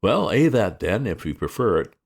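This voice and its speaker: A man playing an excitable young gentleman. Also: lowish voice, normal speed, gravelly, heavily acted. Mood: flippant. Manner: bright, excitable chatter.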